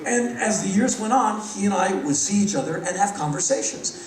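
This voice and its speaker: A middle-aged man with a high voice tells fast, animated stories to a live audience. The sound is echoey and roomy, as if picked up in a big hall from a distance with a faint hiss behind it. He jumps into other people's voices as he tells the stories. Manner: animated, rapid anecdotes acting out others' lines. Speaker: spoken-word performer. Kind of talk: live spoken-word storytelling.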